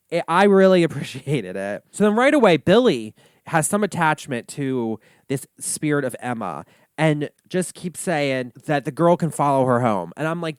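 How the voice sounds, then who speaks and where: A man's voice: a little high, smooth, dry recording, clean studio sound. A man hosting a comedy reaction monologue, ranting sassily and swearing often. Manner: sassy, animated ranting with frequent swearing. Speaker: host.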